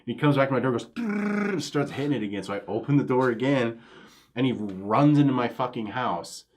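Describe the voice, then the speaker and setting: A man co-hosting a casual gaming talk show, swearing freely and telling animated stories. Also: mid-range voice, fairly quick, a little hiss or hum. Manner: profane, animated storytelling. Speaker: podcast co-host.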